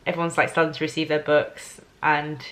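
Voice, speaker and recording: A woman's voice: deep voice, level tone, a little fast, poor audio. A young woman chatting casually to camera in a vlog, bubbly and full of fillers, first at home and then out in town. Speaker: vlogger.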